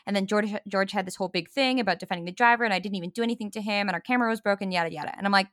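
A woman's voice: medium pitch, racing, few pauses, a bit bright, no echo, studio quality. A woman co-hosting a casual podcast, talking bluntly and conversationally with fillers. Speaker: podcast co-host. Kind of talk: casual chat.

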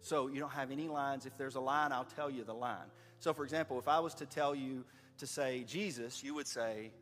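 Here a man with a brisk, medium-pitched, fairly bright voice tells a story live while giving stage directions to kids in a skit. He's playful and encouraging, laughs a lot, and holds a handheld microphone, with long hall reverb and faint music in the background.

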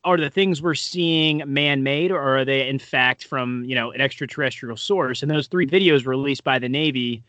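Bright-voiced rambling podcast man. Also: medium pitch, moderate pace, hardly any pauses, dry recording, highs cut off. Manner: rambling, self-deprecating, many fillers. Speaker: podcast co-host. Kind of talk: casual podcast chat.

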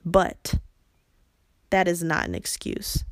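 A young woman hosting a podcast, delivering a blunt, profane, impassioned monologue that swings between yelling and quiet intensity. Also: fairly low pitch, big pitch swings, slow pace, no echo, clean studio sound. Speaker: podcast host.

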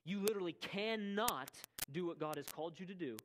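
A man's voice: sits high, a little fast, heavy background noise. A man preaching a sermon, emphatic, repeating key words and checking in with "right?". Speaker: pastor. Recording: loud music behind voice.

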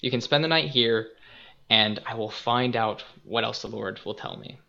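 A man's voice: mid-range voice, normal speed, vocal fry, sharp tone. A man voicing a stubborn prophet who is exasperated with his donkey, on a dull lo-fi recording. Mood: solemn.

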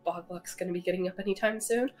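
A woman's voice: fairly low pitch, steady tone, quick pace, soft background music. A woman player in a tabletop game, talking casually and laughing easily. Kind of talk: casual tabletop role-play.

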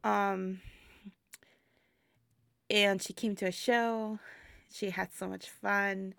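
A woman's voice: medium pitch, little pitch movement, very slow, gravelly, a bit bright, clear, resonant tone, no room sound, studio quality. A woman who performs burlesque, talking reflectively in a casual interview, laughing often and using many fillers. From immigrant to the United States.

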